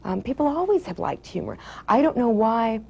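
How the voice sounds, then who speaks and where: A woman's voice: fairly high pitch, sing-song, normal speed, vocal fry, a little mellow, husky. A woman author from the United States, reading from her novel and chatting about her writing with many fillers.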